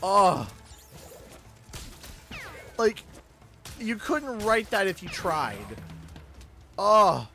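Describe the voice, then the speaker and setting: A Canadian man in his thirties chatting casually while playing a game, telling animated stories and laughing often. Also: high voice, extremely slow, long pauses, soft background music. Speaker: gaming YouTuber.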